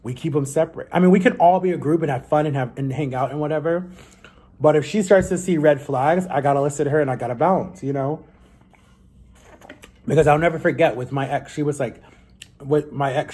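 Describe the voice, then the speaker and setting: A young man talks to his vlog audience in a loose, confessional ramble. His voice is warm and a little husky, and his sentences often loop back with "like" and restarts. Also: a little high, animated, a little fast. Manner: rambling, chatty, lots of "like" and self-corrections. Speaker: vlogger. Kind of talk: casual confessional vlog talk.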